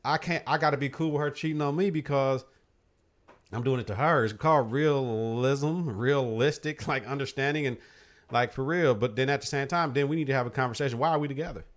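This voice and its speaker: A man's voice: medium pitch, brisk. A man hosting a podcast, giving blunt, profane opinions in casual chat. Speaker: podcast host.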